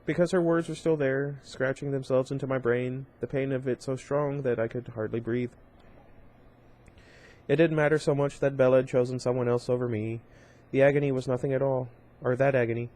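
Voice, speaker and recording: A man reading a novel aloud in an informal, unpolished way. His voice sits at a middle pitch, and he trips over words now and then, correcting himself and adding brief asides. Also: fairly even intonation, brisk, warm tone. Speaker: reader.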